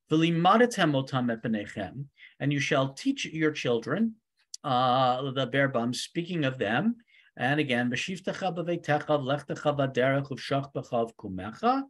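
A man of ordinary vocal pitch teaches a weekly Torah class. He reads out Hebrew verses, gives a line-by-line translation, and often fills the gaps with "um" and "uh."

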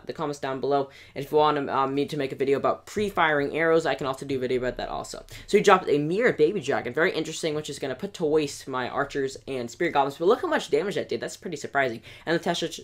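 Brief: quick-paced gameplay commentator, middle pitch, excitable play-by-play with sudden yelps, voice wearing hoarse. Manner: excitable play-by-play, rising to yelps at big moments. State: voice going hoarse. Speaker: gaming channel host. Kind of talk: gameplay commentary over battle replays.

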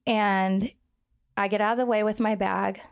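Woman, podcast guest, gravelly voice, earnest personal storytelling, halting with many fillers. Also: mid-range voice, steady tone. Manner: halting, full of "like" fillers and restarts; shaken, earnest retelling. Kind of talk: recounting a personal story in conversation.

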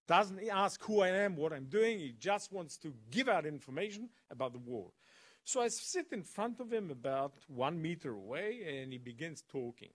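A man telling a story to a college audience as a guest speaker. His voice sits a bit high and leaps up and down as he builds suspense with pauses. He tells it with dramatic swings. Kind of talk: animated storytelling lecture. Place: college event.

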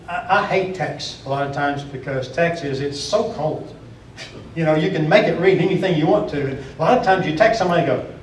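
A man's voice: on the high side, a little hiss or hum. A man preaching a sermon in a church, plainspoken, often repeating and restarting phrases. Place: church auditorium. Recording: echoey room from far off.

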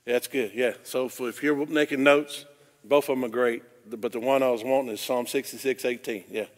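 A man, a pastor leading a Bible study. He talks conversationally and often rises into loud, emphatic preaching. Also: medium pitch, fairly even intonation, a little fast. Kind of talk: informal Bible study teaching. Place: church room. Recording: long church reverb.

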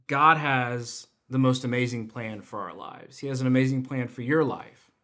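A man's voice: mid-range voice, a bit bright. A young adult man giving a personal testimony in a church online service, telling stories with self-deprecating humor. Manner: self-deprecating storytelling with laughs. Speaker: church volunteer speaker.

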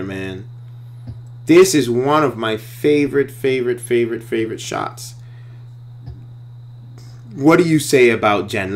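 A filmmaker talking casually and enthusiastically to his viewers, often repeating himself as he explains how a scene was made. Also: mid-range voice. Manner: enthusiastic, repetitive, talks to viewers directly. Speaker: filmmaker reviewing his own trailer. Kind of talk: casual video commentary.

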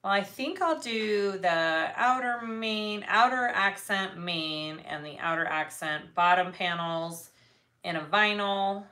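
Cutting fabric on a relaxed livestream, this bag maker murmurs her to-do lists under her breath and chats with her audience now and then. She has a mid-range, expressive voice with a sharp tone and takes her time; background noise is noticeable.

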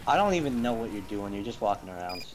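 A man's voice: lowish voice, big pitch swings, quick pace, slight background noise, rough recording. A young man chatting casually with his friend during a game, boasting and joking. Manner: silly, boastful banter. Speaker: gaming co-host. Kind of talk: casual gameplay chat.

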